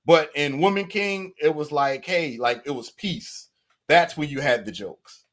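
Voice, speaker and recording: Stammering guest in casual film talk. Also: male voice, a little high, measured pace. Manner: animated, stammering restarts, frequent "you know". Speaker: guest reviewer. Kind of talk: casual movie review chat.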